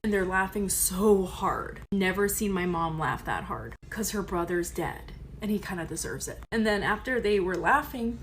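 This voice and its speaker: A woman's voice: medium pitch, a bit bright, slight background noise. Candid profane young woman comedian. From Korea heritage. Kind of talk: confessional storytelling to camera.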